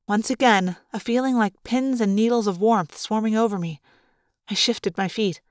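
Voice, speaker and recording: A woman narrating a first-person story aloud as a fan audiobook reader, with a lively, expressive delivery. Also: medium pitch, moderate pace, dry recording, studio quality.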